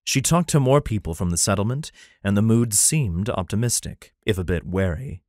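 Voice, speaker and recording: A man narrating a fantasy romance audiobook in an even, plain storytelling manner. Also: on the low side, moderate pace, dry recording, studio quality. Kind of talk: scripted narration.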